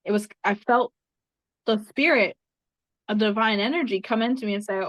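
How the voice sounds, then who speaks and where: A woman's voice: medium pitch, moderate pace, no room sound. A woman guest in an interview, earnestly recounting a spiritual experience and repeating phrases for emphasis. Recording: dry, slightly muffled sound.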